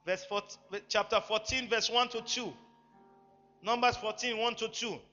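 A man preaching a sermon, emphatic, swinging between loud bursts and quiet asides. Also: sits high, fairly even intonation, moderate pace. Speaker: pastor. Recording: echoey hall, dull lo-fi sound, faint music.

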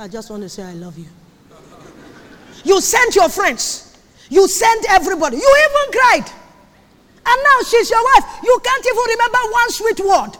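A woman preaches with a very high voice, pressing her points by repeating them and now and then shouting. Her words ring out in a long reverb that fills a big hall. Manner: emphatic, repeats phrases, sudden shouts. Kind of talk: sermon on marriage.

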